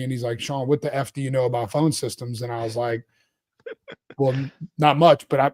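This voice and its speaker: A CEO guest in his forties from Louisiana, US, tells his story during a relaxed interview. His middling-pitched voice rambles with restarts and bursts of laughter in an animated, steady stream of talk.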